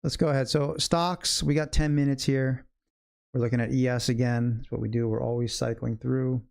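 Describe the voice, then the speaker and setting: A man's voice: medium pitch, fairly even intonation, normal speed, gravelly, a little mellow. A man hosting a live day trading stream, thinking aloud in loose, chatty sentences and talking directly to viewers in the chat. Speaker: day trading educator and livestream host.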